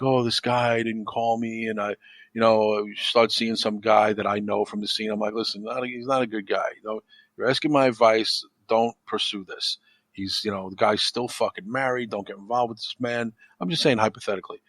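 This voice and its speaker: A man's voice: medium pitch, fairly quick, a bit bright, dry recording. A man chatting as a podcast guest, telling stories with plenty of swearing and acting out the arguments he quotes. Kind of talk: casual chat.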